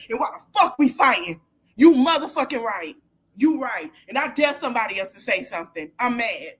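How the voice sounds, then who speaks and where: A woman hosting a podcast livestream, ranting heatedly and profanely, repeating herself and shouting at times. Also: high voice. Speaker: podcast host. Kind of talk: angry livestream rant.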